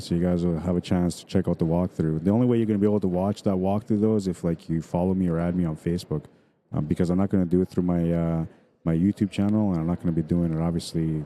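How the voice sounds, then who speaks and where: A middle-aged man from Manitoba with a Canadian accent and a low, warm voice rambles casually as a pool stream commentator, reading viewer comments aloud. There's slight background noise.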